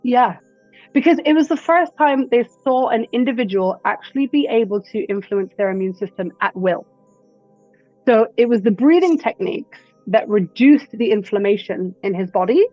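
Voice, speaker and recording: A woman breathwork instructor speaking as a guest in a casual interview, telling stories in an animated way and acting out quotes. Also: on the high side, moderate pace, no echo, faint music behind. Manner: animated storyteller who acts out quotes. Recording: dull lo-fi dry recording.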